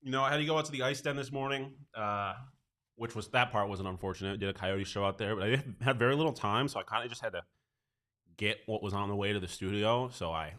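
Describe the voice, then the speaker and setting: A man's voice: on the low side, fast, a bit bright. A man co-hosting a sports podcast who jokes about himself in a casual way. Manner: joking, self-deprecating. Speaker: podcast co-host. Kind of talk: casual sports show chat.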